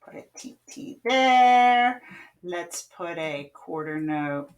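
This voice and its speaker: Slow, lively-voiced woman music teacher. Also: lowish voice, highs cut off. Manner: patient, chants rhythm syllables; sings out rhythms, playful game calls. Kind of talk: online classroom lesson.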